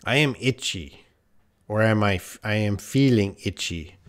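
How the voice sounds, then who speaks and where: Male English teacher on a live Q&A stream, unhurried, blunt and direct with viewers. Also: on the low side, lively intonation. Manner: reads viewer questions aloud and corrects them, blunt and direct.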